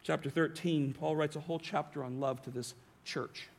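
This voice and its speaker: A pastor preaching a sermon to his congregation, emphatic, often tagging lines with a rhetorical "right?" and slowing down on key phrases. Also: fairly high pitch, fairly even intonation, vocal fry. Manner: varies pace and volume, slowing on key phrases. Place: church sanctuary.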